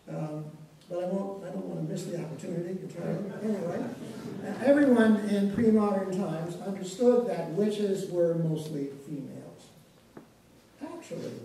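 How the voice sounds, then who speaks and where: A man giving a public history lecture in a church, speaking in a measured, thoughtful way with frequent restarts. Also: high voice, dark tone, recorded from a distance, slight background noise. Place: church hall. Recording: very echoey church, voice from afar.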